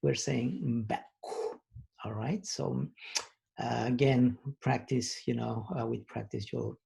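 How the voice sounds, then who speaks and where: A man's voice: medium pitch, steady tone, vocal fry, warm tone, slightly rough. A man teaching a recorded language lesson, patiently explaining sounds and repeating each example word twice. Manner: patient, explains slowly with many pauses and fillers.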